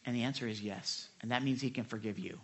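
A middle-aged man preaching a sermon, candid and self-deprecating, swinging between loud emphasis and soft asides. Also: mid-range voice, fast, gravelly, husky. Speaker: pastor.

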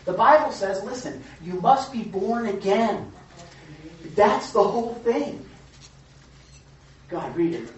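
Animated preacher woman in an echoey hall. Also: mid-range voice, unhurried, long pauses. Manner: animated, emphatic, acts out quoted voices. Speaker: youth pastor. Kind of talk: lively youth sermon. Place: church hall. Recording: echoey hall from far off, dull.

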